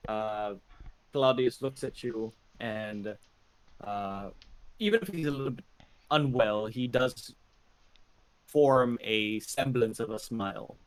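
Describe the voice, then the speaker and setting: A man narrating a tabletop game as game master, descriptive and relaxed, with frequent fillers. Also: mid-range voice, slow pace, pauses often, no echo, low-quality recording.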